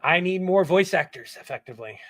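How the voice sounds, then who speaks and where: A man's voice: sits high, expressive, brisk, a bit bright, dry recording. Candid, rambling man streaming. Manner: rambling, candid, swears casually. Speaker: streamer and voice actor. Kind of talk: casual livestream chat.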